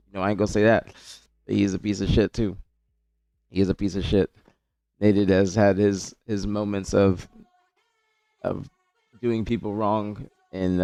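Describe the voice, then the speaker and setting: A man's voice: lowish voice, darkish tone, dry recording. A man streaming live, ranting heatedly at his chat and repeating himself, with incredulous laughs. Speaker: streamer and esports analyst. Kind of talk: livestream rant to chat.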